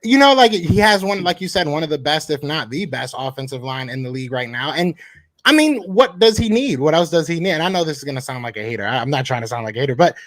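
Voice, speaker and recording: A man's voice: fairly high pitch, big pitch swings, quick pace, a bit bright, no echo. A man, co-hosting a casual sports podcast, talking in rambling bursts with many restarts. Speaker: podcast co-host.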